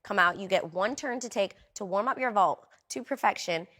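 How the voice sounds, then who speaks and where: A woman's voice: medium pitch, normal speed. Woman telling a story with vivid quoted asides. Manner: animated, re-enacts her own thoughts with quoted asides. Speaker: guest. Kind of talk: candid storytelling interview.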